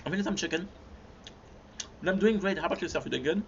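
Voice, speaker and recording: A man's voice: high voice, fast. A young man hosting a livestream, chatting casually with viewers and humming between bites of food. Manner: relaxed, chatty, stops to chew and hum between bites. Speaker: livestream host. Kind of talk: casual chat with viewers while eating. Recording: dull lo-fi stream audio with faint background hum.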